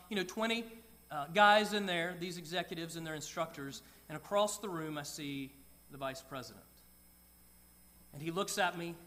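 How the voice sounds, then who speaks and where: A middle-aged man preaching a sermon, telling a personal story with soft, quiet asides. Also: high-pitched. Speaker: pastor.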